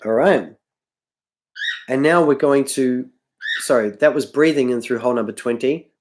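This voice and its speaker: A man's voice: medium pitch, moderate pace, background noise. Tired guy losing his voice, rambly harmonica tutorial on a livestream, keeps correcting himself, harmonica notes in between. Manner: rambling, self-correcting, apologetic. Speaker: harmonica teacher. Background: harmonica playing.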